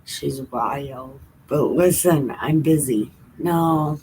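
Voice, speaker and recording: A woman's voice: low-pitched, slow pace, heavy background noise. A woman hosting a casual home livestream, reading scripture aloud in a laid-back, irreverent way with laughs and casual swearing. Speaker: livestream host reading the Bible.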